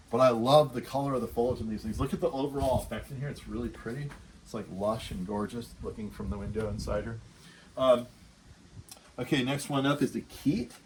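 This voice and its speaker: Casual male plant vlogger, mid-pitched, rambling and self-deprecating, outdoors on a balcony, light background hiss. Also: a little mellow. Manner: chatty and self-deprecating, thinking aloud with fillers. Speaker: plant grower showing his balcony mango trees. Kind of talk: casual walk-through vlog.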